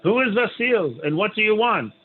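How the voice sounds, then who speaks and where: A man's voice: high-pitched, very animated, normal speed, pitched above the performer's own voice. A man voicing a sick, poor old widow who is frightened and complains bitterly. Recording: tinny phone-like line, faint hiss.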